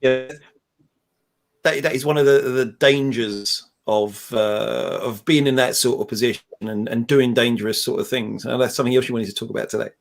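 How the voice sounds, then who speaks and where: A man co-hosting a casual chat show, adding eager, quick remarks. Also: mid-range voice, fairly even intonation, vocal fry. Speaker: podcast co-host.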